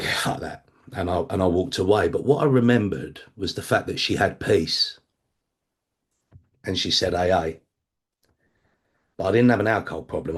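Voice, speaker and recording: Man, recovery meeting share, blunt conversational delivery, swearing, low voice. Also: husky. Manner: acts out other people's voices. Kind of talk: personal recovery testimony.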